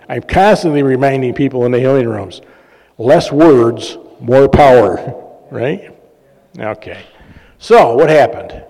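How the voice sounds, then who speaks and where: Man, pastor, sermon, mellow tone, chatty and jokey, hall reverb. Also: mid-range voice, lively intonation, slow pace. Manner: conversational, jokey, fillers and self-laughs. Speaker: pastor and healing minister. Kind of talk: sermon with personal stories. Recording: long reverb of a large hall.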